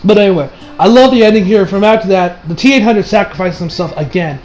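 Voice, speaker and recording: A man casually reviewing a film on his channel, excitable and rambling, swearing freely and laughing often. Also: high voice, fast, slight background noise, low-quality recording. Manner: rambling with many restarts and fillers. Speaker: movie reviewer.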